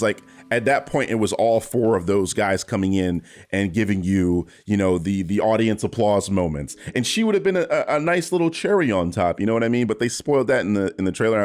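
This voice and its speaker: A young man giving casual, animated movie commentary, talking freely with lots of fillers and swearing. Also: lowish voice. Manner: animated, profane, chatty with many fillers.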